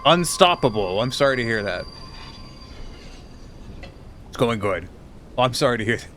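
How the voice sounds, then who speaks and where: A man's voice: medium pitch, moderate pace, fairly bright tone, a little hiss or hum. A man streaming live, chatting casually and teasingly with his viewers while tired and rambling.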